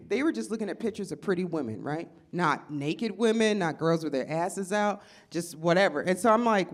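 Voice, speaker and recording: A woman doing stand-up comedy, loud and profane, laughing at her own jokes. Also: on the low side, expressive, moderate pace, hardly any pauses. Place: live comedy show before an audience.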